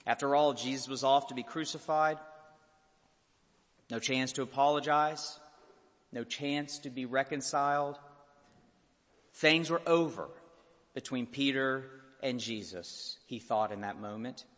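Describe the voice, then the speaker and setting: Pastor, male, mid-pitched voice, impassioned sermon delivery, long church reverb. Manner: impassioned, building to shouted peaks.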